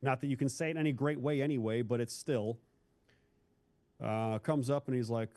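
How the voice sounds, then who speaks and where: Ex-cop guy from ohio, blunt and candid, calls the host bro, average pitch. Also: steady tone, moderate pace, a little mellow. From Northeast Ohio, US. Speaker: former police officer, guest. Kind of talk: casual interview storytelling.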